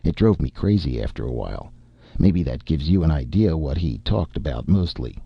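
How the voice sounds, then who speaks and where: Intense male narrator for a first-person story, very deep gravelly voice, muffled lo-fi recording. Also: big pitch swings, normal speed, no echo.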